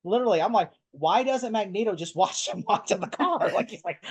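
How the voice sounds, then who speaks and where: Man, podcast co-host, casual movie chat, excited, rambling, slightly high voice. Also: brisk, breathy edge. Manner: excited, rambling retelling of scenes.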